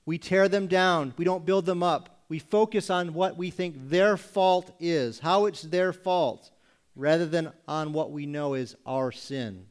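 With a clear, resonant tone and a slightly higher pitch, this male pastor delivers a sermon full of pointed rhetorical questions separated by pauses. Occasionally he mockingly puts on congregation members' voices to make his point.

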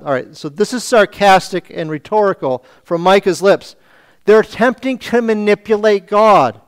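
A man's voice: high-pitched, moderate pace, clear, resonant tone. A man preaching a sermon, asking rhetorical questions and reading scripture aloud. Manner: preaching with rhetorical questions, acting out voices of the people. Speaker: pastor.

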